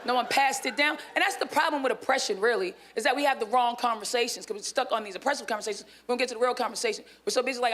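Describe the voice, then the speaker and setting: A woman in her thirties delivers a stand-up set in a brash, crude style, firing off profane punchlines. Her voice sits a touch higher than most women's. A faint hum of the room stays under her. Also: rapid-fire, hardly any pauses. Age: 30s. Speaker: stand-up comedian. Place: comedy club stage.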